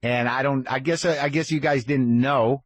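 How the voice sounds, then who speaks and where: A man's voice: medium pitch, steady tone, normal speed, no echo. A man in his fifties hosting a podcast, talking in a rambling, profane, self-deprecating monologue. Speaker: podcast host. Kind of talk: casual monologue.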